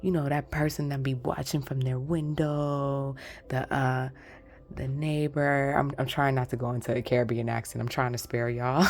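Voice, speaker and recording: A woman's voice: a bass voice, flat delivery, normal speed, soft background music. A woman giving a chatty pick-a-card tarot reading, exclaiming and talking straight to her viewers. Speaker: tarot reader.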